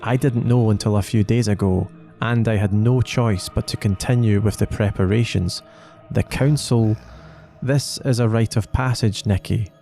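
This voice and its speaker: A man's voice: lowish voice, steady tone, moderate pace, soft background music, lightly acted. A man reading as an ashamed, level-voiced watcher. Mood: grave. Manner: quiet, level. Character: ashamed middle-aged male watcher, grave and firm.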